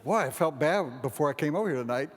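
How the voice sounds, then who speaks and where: A man's voice: a little high, expressive, fast. A man giving a humorous keynote speech, rambling through a comic story and acting out the dialogue. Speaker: keynote speaker. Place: large event hall. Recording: long hall reverb, faint background ambience.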